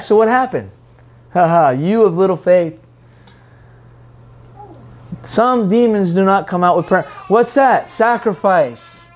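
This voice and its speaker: A preacher giving a sermon in an animated, rambling way, acting out quoted voices with frequent restarts. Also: mid-range voice, normal speed.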